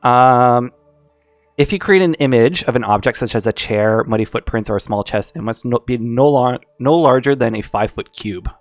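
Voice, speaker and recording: A man running a tabletop game as game master, reading out rules in a relaxed way and laughing often. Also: mid-range voice, normal speed, dry recording.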